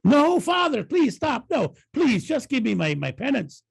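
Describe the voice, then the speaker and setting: A man's voice: very high voice, sing-song, unhurried, creaky, slightly rough, voice pushed up, exaggerated voice. A man voicing a sheepish young Irish man at confession, stammering and pleading in a put-on Irish accent.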